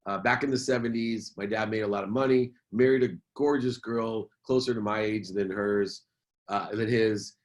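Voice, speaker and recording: A middle-aged businessman and motivational speaker, appearing as a podcast guest, tells a personal story earnestly and emphatically, repeating key phrases. His voice is lowish and steady at a moderate pace.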